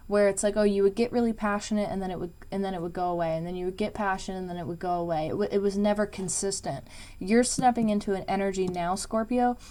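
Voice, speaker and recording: A woman's voice: mid-range voice, a little mellow. A woman giving a casual spoken tarot reading, rambling and emphatic, with lots of fillers and frequent swearing. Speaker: tarot reader.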